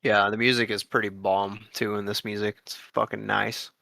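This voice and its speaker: A man co-hosting a casual gaming podcast, relaxed, with brief replies and quick jokes. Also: lowish voice, vocal fry. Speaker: podcast co-host.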